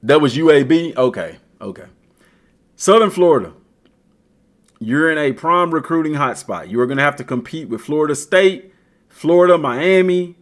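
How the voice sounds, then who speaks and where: A man's voice: a little high, moderate pace. A man streaming a video game, giving casual, slangy commentary and talking straight to the team. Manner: slangy, talks to the team directly, animated. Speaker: gaming streamer.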